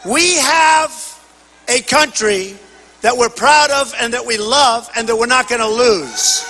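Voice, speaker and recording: Older man shouting a campaign rally speech. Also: very high voice, measured pace, big-room sound, faint music behind, poor audio. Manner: boastful, repetitive, punchy phrases; often shouts to the crowd. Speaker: political candidate at a rally. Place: large rally venue.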